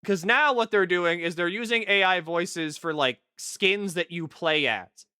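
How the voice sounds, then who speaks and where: A man streaming a video game, giving profane, animated commentary while he plays. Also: high-pitched, a little slow, clean tone, dry recording. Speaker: gaming streamer. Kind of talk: live-stream gameplay commentary. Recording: game music behind the voice.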